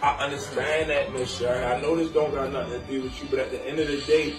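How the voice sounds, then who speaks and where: A man's voice: mid-range voice, fairly even intonation, fast. A man on a phone call, pleading and repeating himself, his voice strained. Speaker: distressed father on a phone call. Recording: roomy distant recording with music over it.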